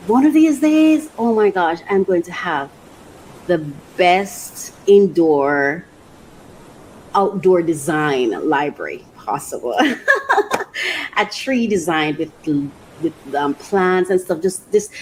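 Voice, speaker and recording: A woman life coach hosting a casual unboxing vlog, talking in a gushing, animated way and laughing often. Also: on the low side, slight background noise, rough recording.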